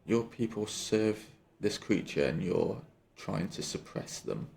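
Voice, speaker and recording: A man's voice: fairly low pitch, lively intonation, slow pace, creaky, darkish tone. A man playing a tabletop game, questioning with stumbles and restarts. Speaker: player. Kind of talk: casual tabletop game play.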